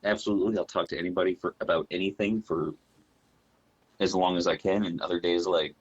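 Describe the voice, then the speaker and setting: A podcast host talking in a relaxed, conversational way, with a very deep, husky voice. The audio is dull and lo-fi, as if it is coming over a remote line. He keeps an easy, chatty tone. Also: brisk. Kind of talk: casual chat.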